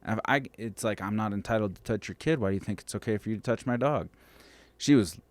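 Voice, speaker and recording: Male dog trainer, podcast guest, low deep voice, emphatic and outspoken, swears in casual talk. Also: fast talker. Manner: blunt, emphatic, swears freely. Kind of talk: casual chat.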